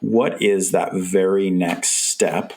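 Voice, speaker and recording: A man's voice: low-pitched, fairly even intonation, slow pace, a little mellow. A man hosting a podcast interview, speaking in a conversational, encouraging way. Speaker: podcast host. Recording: noisy podcast recording.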